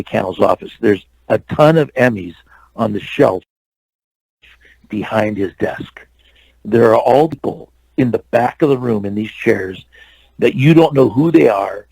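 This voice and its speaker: An older man, an actor and stuntman, telling lively anecdotes as a guest in an interview. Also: on the low side, creaky, husky, no echo, low-quality recording. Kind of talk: storytelling interview.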